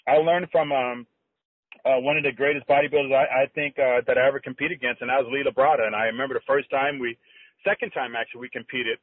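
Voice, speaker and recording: A middle-aged man, a former competitive bodybuilder, telling stories as a guest with animated, halting speech and acted-out quotes. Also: medium pitch. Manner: animated, halting with restarts, acts out quoted dialogue. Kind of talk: conversational storytelling. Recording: tinny phone-line audio, dry.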